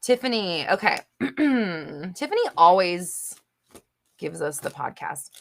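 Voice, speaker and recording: A woman's voice: lowish voice, very animated, slow pace, creaky. A young adult woman hosting a live Q&A, reading viewer comments and answering in a blunt, emphatic way with casual swearing and lots of fillers. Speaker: host of a live manifestation Q&A.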